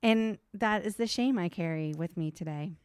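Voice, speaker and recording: A podcast co-host tells a story from home in a casual, animated chat, sprinkling in "like" and swear words. Her mid-range voice is clear and resonant at a normal speed, and the recording is dry, with clean studio sound.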